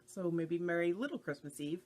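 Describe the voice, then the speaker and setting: A woman's voice: fairly low pitch, a little fast, darkish tone. A woman from the United States hosting a podcast about knitting, chatting in an easygoing way. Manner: chatty and easygoing, with frequent fillers. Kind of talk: casual podcast chat.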